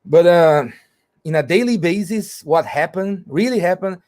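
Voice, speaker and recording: Man, slightly high voice, halting, lots of restarts. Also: a little mellow. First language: Portuguese. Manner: halting, with frequent restarts and fillers. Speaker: guest speaker. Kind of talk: explaining business English. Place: video call.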